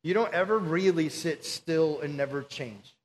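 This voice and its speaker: Male pastor, fairly high voice, earnest conversational sermon delivery. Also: normal speed. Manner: earnest, pleading, conversational preaching.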